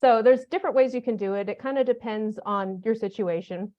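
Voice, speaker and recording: A woman on the high side of the pitch range talks briskly over lo-fi sound. She presents a teacher workshop at a conference in a humorous, conversational way, using hands-on classroom examples.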